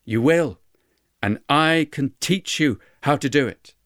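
A man speaking as a serene female angel in a told story, unhurried and steady, never ruffled. The voice sits low and even, recorded dry and close. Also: no echo. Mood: solemn. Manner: calm, measured, solemn.

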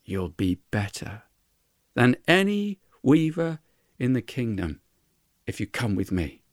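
A man speaking as a serene female angel in a told story, unhurried and steady, never ruffled. The voice sits low and even, recorded dry and close. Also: no room sound. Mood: solemn. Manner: calm, measured, solemn.

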